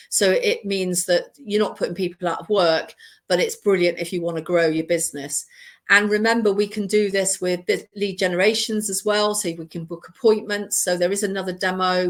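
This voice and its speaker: A British woman presenting a webinar, explaining things in a rambling way full of fillers and restarts. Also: on the low side. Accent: British English. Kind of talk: live webinar teaching.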